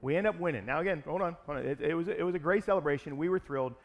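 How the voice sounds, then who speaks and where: A pastor telling a personal story in a sermon, in an animated, conversational way. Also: male voice, on the high side, racing.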